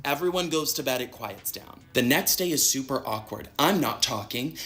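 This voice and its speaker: A man recounting a personal story in a clip, his medium-pitched voice bright and clear. He tells it chattily and dramatically, slipping into the voices of the people he quotes. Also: animated. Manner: chatty, quick, dramatic retelling with acted-out quotes. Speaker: guest telling a personal story. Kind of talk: casual storytelling in an interview clip.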